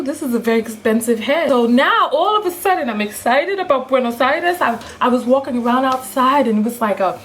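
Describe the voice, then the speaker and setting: A woman telling a story in a casual vlog, animated and full of acted-out quotes. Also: fairly high pitch, a little hiss or hum, rough recording. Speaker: vlogger.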